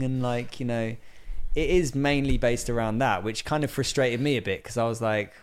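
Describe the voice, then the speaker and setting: A man talks as a guest on a podcast, rambling through his points with plenty of fillers and asides. His voice sits at an ordinary middle pitch. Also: steady tone, normal speed, clear, resonant tone. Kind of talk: casual chat.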